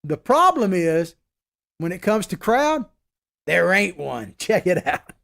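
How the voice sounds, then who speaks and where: High-voiced emphatic male political host. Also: big pitch swings, slow pace, creaky, fairly bright tone. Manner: opinionated, emphatic, conversational. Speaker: political talk show host. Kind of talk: casual political commentary.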